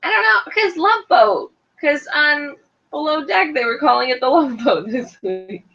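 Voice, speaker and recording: A woman's voice: sits high, lively intonation, unhurried, creaky, fairly bright tone. A woman in her thirties co-hosting a casual reality TV chat, blunt and teasing, swearing playfully. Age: 30s. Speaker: podcast co-host. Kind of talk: casual banter about reality TV. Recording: dull lo-fi home recording.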